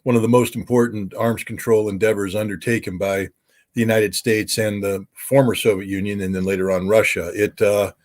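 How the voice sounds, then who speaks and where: A man's voice: on the low side, little pitch movement, brisk, a little mellow. A man who used to be a weapons inspector, talking as an interview guest in an emphatic way, with many uh and um fillers. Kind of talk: casual interview talk.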